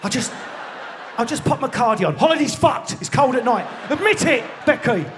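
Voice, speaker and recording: Essex stand-up, bright high voice, fast sweary rants with shouted bursts, live theatre mic. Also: male voice, big pitch swings, background noise. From England. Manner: rapid, swearing, mock-outraged rants with frequent shouting. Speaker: stand-up comedian. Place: large theatre stage. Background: audience laughter.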